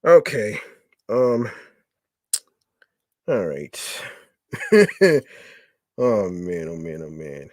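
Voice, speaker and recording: Man, podcast host, reads news with disbelieving commentary, stumbling restarts, slow delivery, dry close sound. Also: lowish voice, no echo. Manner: animated, disbelieving, repeats words in stumbling restarts. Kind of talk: reading news aloud with incredulous commentary.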